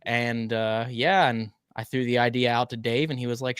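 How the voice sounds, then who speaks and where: A man's voice: mid-range voice, steady tone, normal speed, fairly bright tone, clean tone, dry recording, studio quality. Chatty man greeting a live audience. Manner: chatty, greets viewers by name, stumbles over words. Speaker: livestream co-host. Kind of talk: casual live chat.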